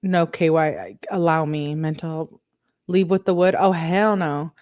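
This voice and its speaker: A woman's voice: low voice, measured pace, a little mellow, no room sound. A woman who runs a true crime channel, reading a couple's text messages aloud and breaking in with sarcastic, laughing asides.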